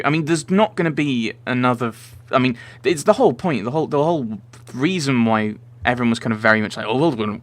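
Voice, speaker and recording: A man's voice: medium pitch, a bit bright. Man rambling over gameplay. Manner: rambling, thinking aloud with restarts. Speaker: let's play host. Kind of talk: casual gameplay commentary.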